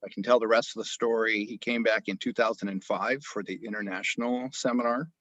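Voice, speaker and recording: Husky-voiced physician telling a story. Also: male voice, on the low side, brisk, no echo, dull audio. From grew up in Japan. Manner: animated storyteller, frequent restarts. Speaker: osteopathic family physician. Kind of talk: storytelling interview.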